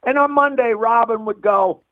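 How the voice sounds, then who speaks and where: Man, very high voice, blunt rambling comic storyteller, tinny phone line. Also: normal speed, dry recording. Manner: blunt, rambling with frequent restarts. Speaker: comedian guest. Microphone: telephone.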